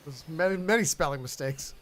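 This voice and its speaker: A man's voice: fairly high pitch, brisk, a bit bright. A man improvising a comedy sketch, hesitant and agreeable, often trailing off mid-thought.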